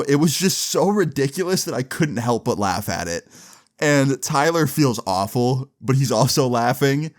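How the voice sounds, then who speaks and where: A young man telling a story on his vlog in casual slang, swearing and laughing as he goes. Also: medium pitch. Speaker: vlogger.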